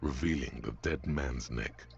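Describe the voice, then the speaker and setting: An actor voicing a grave, deep-voiced male narrator of a detective game. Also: unhurried, vocal fry, full character voice. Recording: muffled game audio, faint hiss.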